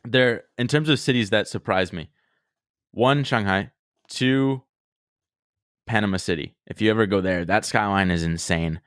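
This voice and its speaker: A young man co-hosting a podcast, telling travel stories in a rambling, excitable way and swearing freely. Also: on the low side, normal speed, pauses often, no echo, studio quality. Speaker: podcast co-host. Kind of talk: casual storytelling chat.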